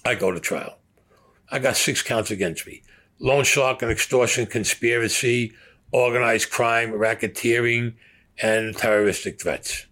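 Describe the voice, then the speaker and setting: A man in his sixties, with a medium-pitched, slightly bright voice and a measured pace, tells his own life story in an interview. His casual storytelling is heated and profane, and he acts out what other people said.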